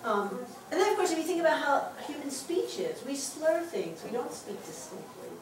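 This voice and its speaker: A woman's voice: sits high, big pitch swings, moderate pace, background noise. A woman teaching a Hebrew reading class, upbeat and laughing often. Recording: echoey classroom from far off. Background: class of adult learners.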